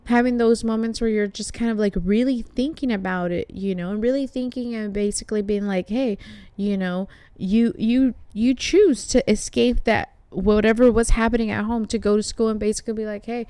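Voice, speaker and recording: A woman's voice: a little high, steady tone, normal speed, mellow, smooth, no room sound. A woman hosting a casual conversation, chatty and peppered with swearing and fillers. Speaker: host. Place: art studio shop.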